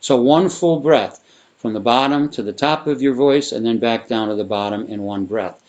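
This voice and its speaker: A man teaching a guided vocal breathing exercise, talking in a relaxed, rambling way with fillers and restarts. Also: medium pitch, moderate pace. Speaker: sound therapy teacher.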